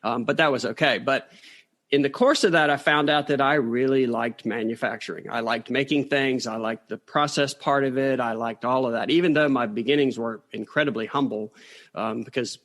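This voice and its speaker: Middle-aged man, rural Virginia accent, mid pitch, talks in easy self-mocking anecdotes. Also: fairly even intonation, moderate pace, fairly bright tone. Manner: self-deprecating, chuckles as he tells stories. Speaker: guest, author. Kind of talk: casual storytelling interview.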